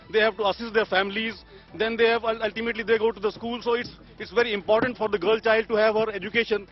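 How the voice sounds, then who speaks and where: High-voiced man, halting press statement. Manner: repetitive, halting. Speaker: lawyer. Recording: dull lo-fi audio, faint crowd.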